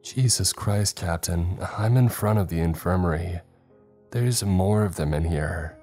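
A man voicing a panicking young male crewman in a hazmat suit, frantic and high-strung. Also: a little slow, mellow, faint music behind. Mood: nervous.

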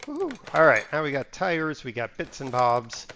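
A man's voice: mid-range voice, wildly swooping pitch, normal speed, pushed and bright, a little hiss or hum. A man casually chatting to his viewers while playing a game live, rambling and muttering to himself. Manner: rambling, talks to himself, mutters part numbers. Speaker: streamer. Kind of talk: casual live-stream chat while gaming.

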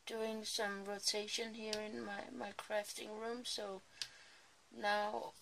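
Slow, gravelly-voiced woman chatting sleepily. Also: medium pitch, little pitch movement, noisy background. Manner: chatty, rambling, apologetic asides. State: sleepy, early morning. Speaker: crafting vlogger. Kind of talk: casual chat while crafting. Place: small home craft room.

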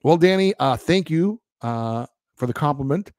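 A man hosting a hockey podcast, reading listener emails and answering in a relaxed, rambling way with frequent ums and restarts. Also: a little high, moderate pace, dry recording, studio quality. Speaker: podcast host.

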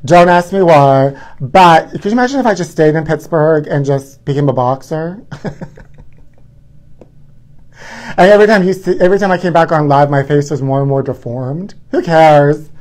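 A man's voice: fairly high pitch, expressive, normal speed, a little mellow. Campy gossiping man hosting a livestream. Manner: campy, gossipy, calls viewers honey. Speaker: livestream host. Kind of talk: campy live-stream chat.

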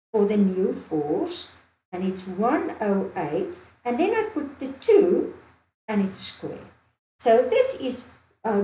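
A woman's voice: medium pitch, mellow, a little hiss or hum. A woman from Namibia teaching a maths lesson. She thinks aloud, repeats steps and keeps checking with "do you see?". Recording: echoey room with faint ambience.

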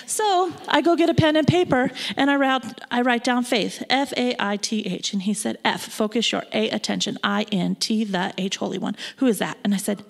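A woman preaching a sermon in a church, moving between loud proclamation and hushed asides. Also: fairly high pitch, brisk. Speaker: guest preacher. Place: church sanctuary.

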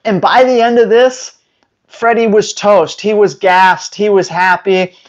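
Speaking emphatically to viewers about training dogs, a man occasionally acts out owners and their dogs in quick voices. His voice is high with fairly even intonation, and the sound is lo-fi.

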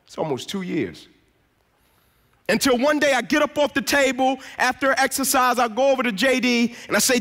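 A man with a very high, bright, ringing voice delivers a motivational sermon in a church. He tells his story emphatically, dropping into quieter tones to act out the other people in it. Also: lively intonation, moderate pace. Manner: emphatic storyteller, acts out quoted dialogue. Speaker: guest speaker.

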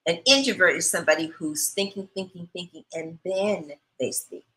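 This is a middle-aged woman co-hosting a relationship talk show, measured and reflective, guiding the talk with questions. Her voice sits fairly low yet sounds bright and clear-edged. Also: rough recording. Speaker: co-host.

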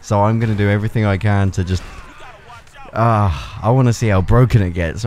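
A young man giving excitable gameplay commentary, laughing a lot and swearing freely. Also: lowish voice, a little fast. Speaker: gaming YouTuber.

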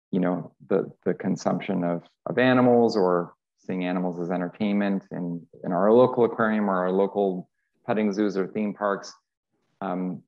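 A man who teaches geography, talking in a halting way with many fillers and repeated words on a panel. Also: low-pitched, vocal fry, a little mellow, dull audio.

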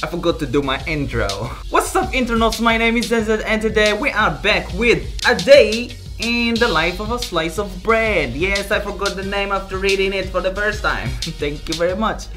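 A man's voice: sits high, animated, moderate pace, hardly any pauses. A man doing casual let's-play commentary, goofy and laughing as he talks back to the game. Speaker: gaming YouTuber. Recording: voice over loud game music.

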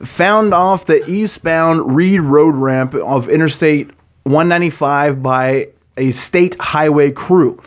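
A man hosts a podcast in loose, irreverent chat, breaking off to laugh. His voice sits a little high for a man. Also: takes it slowly. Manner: joking, irreverent, laughs often. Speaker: podcast co-host. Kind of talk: casual podcast chat, reading case notes.

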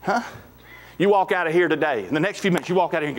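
A pastor preaches a sermon in a church sanctuary, his fairly high-pitched voice racing along. He's folksy and emphatic, rising to shouts at the climaxes. The hall echoes, and faint music plays underneath.

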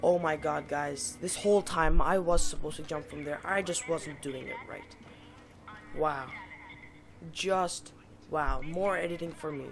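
Young woman, gaming commentary, gravelly fry in her voice, exasperated and self-mocking, game music underneath. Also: low voice, measured pace. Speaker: gaming channel host. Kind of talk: let's-play commentary. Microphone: home mic that cuts out.

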